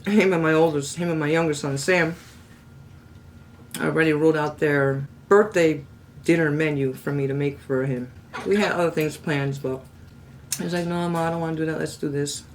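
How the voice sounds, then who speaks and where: A middle-aged woman hosting a casual home cooking vlog, chatting to viewers and cooing at her parrot in a high sweet voice. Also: moderate pace, long pauses, slight background noise. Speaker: cooking channel host. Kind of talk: casual chat to camera.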